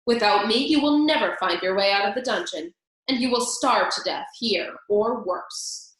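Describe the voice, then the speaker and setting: A woman's voice: medium pitch, normal speed, a bit bright, natural voice. Storybook villain: haughty, cold male rat, read by a woman, echoey room.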